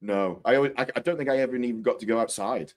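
A British man chatting casually as a guest on a live stream, his voice a little worn from shouting, talking playfully with quick restarts. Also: mid-range voice. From Britain. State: voice going hoarse from shouting. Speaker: guest co-host. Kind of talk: casual chat.

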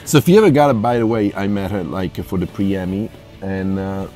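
A man with an Italian accent, an actor being interviewed, speaking playfully and jokingly with halting restarts. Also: deep voice, warm tone. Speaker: actor guest. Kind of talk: casual interview chat.

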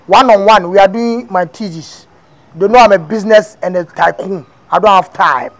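A man's voice: sits high, moderate pace, a little hiss or hum. A man voicing a boastful young man who keeps lying about his studies, with a Ghanaian accent, in a comic cartoon dub. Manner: evasive, boastful, pleading.

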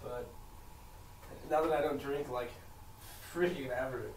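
A young man chatting while drinking, giggly and animated as he tells stories. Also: mid-range voice, unhurried. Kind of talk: casual drinking chat. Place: outdoors near bikes. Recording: distant camera, echoey, loud background noise.

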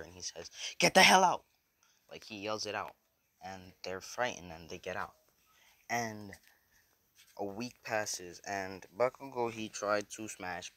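Young man, casual storyteller, rambling and unscripted, very deep voice. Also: fairly bright tone. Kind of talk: casual fan story retelling.

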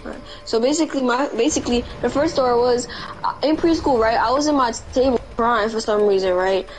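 A woman streamer chatting while gaming, telling an animated childhood story full of slang and swearing. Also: a little high, a little fast, soft background music, poor audio. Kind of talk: casual chat while gaming.

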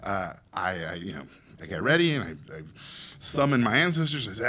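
A Mexican man, an animation director from Mexico, telling a story to an audience in an animated, theatrical way, with loud acted quotes. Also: fairly low pitch, fairly quick. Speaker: animation director and festival guest speaker.

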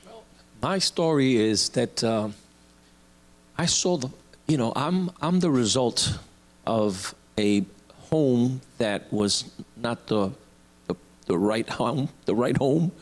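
A man, a guest, starting his story in a halting way with frequent restarts. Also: mid-range voice, animated. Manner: halting, slow, restarts often.

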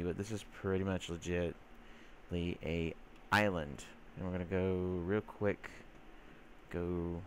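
A man's voice: deep voice, slight background noise. A man giving casual, rambling gameplay commentary, full of fillers, who sometimes coos teasingly at the creatures in his game. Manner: rambling, chatty, filler-heavy; teasing baby-talk to game mobs. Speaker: gamer.

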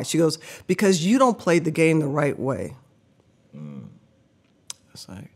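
A middle-aged woman, a podcast guest, telling an animated story, laughing often and acting out the voices of people she quotes. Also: deep voice, unhurried, long pauses, slightly rough.

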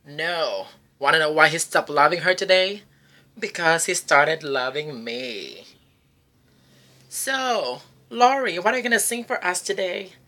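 A man's voice: on the high side, animated, unhurried, sharp tone. A man, a karaoke host, telling campy jokes in a vlog monologue. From Philippines. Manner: campy, joking, teasing. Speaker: cruise ship karaoke host.

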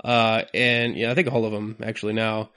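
A man's voice: on the low side, flat delivery, normal speed, sharp tone. Man, podcast host, chatty, casual, laughs between remarks.

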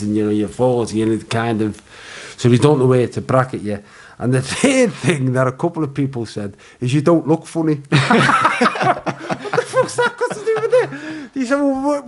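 Scouse fella in his 40s telling stories on a podcast, does all the voices, swears a lot. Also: medium pitch. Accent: Liverpool (Scouse). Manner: animated anecdotes, acting out other voices, swearing, laughing. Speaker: comedian guest. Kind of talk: casual storytelling chat.

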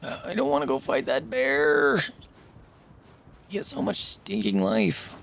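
A man's voice: mid-range voice, sing-song, unhurried, creaky, a bit bright, a little hiss or hum. A man streaming a video game, commenting live, shifting from muttered asides to startled yelps and swearing. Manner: jittery, swings between mumbling and startled yelps. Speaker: gaming streamer.

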